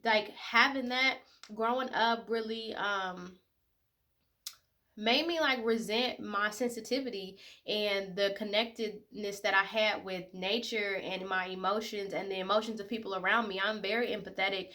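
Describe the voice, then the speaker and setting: Young woman, 20s, vlogger; bright, soft-spoken, sincere, loose casual delivery. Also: mid-range voice, steady tone, normal speed. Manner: emotional, tearful at times, many fillers. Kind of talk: casual personal talk to camera.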